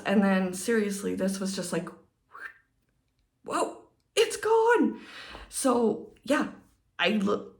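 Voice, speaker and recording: A woman's voice: on the low side, vocal fry. A woman vlogging in a casual, chatty way, laughing often and speaking candidly and with feeling about her favourite planner and home products. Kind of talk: casual chat to camera.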